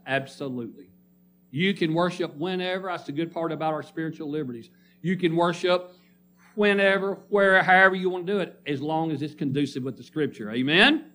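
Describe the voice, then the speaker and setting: A man's voice: on the high side, fairly quick, fairly bright tone. A man preaching a sermon to a congregation, reading scripture and calling for responses. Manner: emphatic call-and-response preaching. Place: church congregation.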